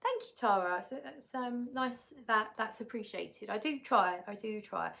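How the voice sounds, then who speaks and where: Hosting a live stream, a woman chats casually while reading viewer comments aloud, giggling and often correcting herself. Her voice is a little high, creaky and a bit bright. She sounds animated and takes her time.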